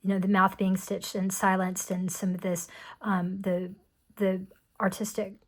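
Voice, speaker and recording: A woman casually showing tarot decks, chatty and rambling with many ums and restarts, often dropping to a soft murmur. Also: mid-range voice, little pitch movement, measured pace. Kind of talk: casual show-and-tell.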